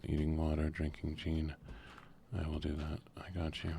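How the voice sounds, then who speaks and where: A man streaming a game in a quiet, soft-spoken way, drawling and sometimes dropping to a whisper, close to a desk mic at home. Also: rumbling low, monotone, moderate pace, creaky, a little hiss or hum.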